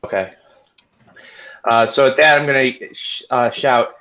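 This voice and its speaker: A man's voice: mid-range voice, fairly even intonation, a little slow, long pauses, sharp tone. A man playing a tabletop game, asking about the rules and adding up his damage. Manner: asks rules questions, tallies numbers. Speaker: player. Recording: dull lo-fi mic.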